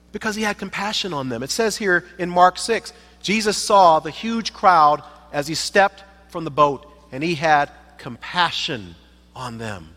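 Guy preaching, emphatic, repeats lines, bright sharp tone, big church echo. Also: high voice. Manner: emphatic, repeats phrases for effect. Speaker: guest preacher. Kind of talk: sermon. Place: church sanctuary. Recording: reverberant church sanctuary.

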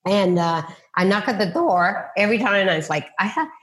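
Animated woman telling a story. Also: medium pitch, a little fast. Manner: animated storyteller, acts out quoted voices, many restarts. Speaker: real estate agent, guest. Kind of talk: faith-centered interview storytelling.

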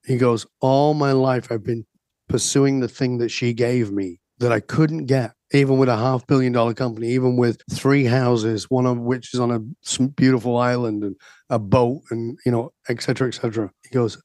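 A man's voice: mid-range voice, steady tone, normal speed, darkish tone, dry recording. A man in an interview, a coach telling stories and asking rhetorical questions. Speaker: guest coach. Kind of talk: podcast interview talk.

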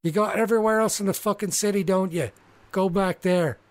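A man's voice: sits high, a little fast, pitched above the performer's own voice. A man voicing a fierce halfling dockworker woman of about thirty, snarling profane threats. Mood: threatening.

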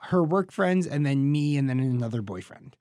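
A man talks through a story on a food radio show, rambling and restarting with dry jokes. His voice is at a middle pitch. The studio mic gives a dry, close sound. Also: animated, normal speed, a little mellow, no room sound. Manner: rambling, self-correcting, dry humor. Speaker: co-host. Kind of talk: casual radio chat. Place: small podcast studio.

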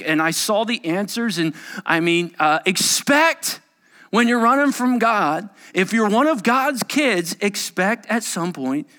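A middle-aged man preaching a sermon, animated and acting out the voices of the people he quotes. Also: high voice. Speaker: pastor.

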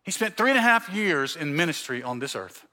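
Male pastor from Mississippi, sermon in a church, slightly high, bright and forceful tone, storyteller. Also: sing-song, fairly quick. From Mississippi Gulf Coast, US. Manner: storytelling, acting out dialogue. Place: church sanctuary.

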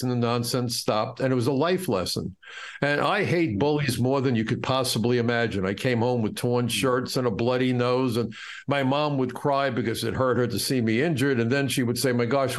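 A man's voice: medium pitch, normal speed. Impassioned middle-aged American man. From United States. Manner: impassioned, indignant storyteller. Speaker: interview guest. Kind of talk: storytelling in an interview.

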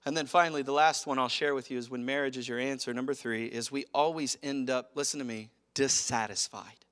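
A man preaching a sermon as pastor, animated, acting out quotes and chuckling as he speaks. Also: mid-range voice, brisk.

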